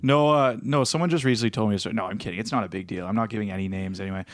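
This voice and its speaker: A man co-hosting a podcast in casual chat, joking and teasing with quick laughs. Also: on the low side, dry recording, studio quality. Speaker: podcast co-host.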